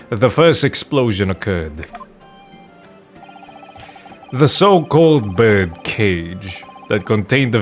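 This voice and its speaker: A man voicing a stern prosecutor with a mock German accent, giving a measured, formal courtroom delivery for a fan dub of a video game. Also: lowish voice, fairly bright tone.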